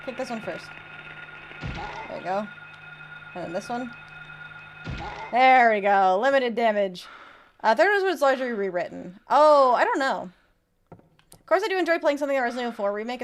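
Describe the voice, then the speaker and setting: A young woman streaming a horror game, chatting casually with viewers, greeting them and reading chat, with sudden excited outbursts between quiet mutters. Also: a little high, a little hiss or hum.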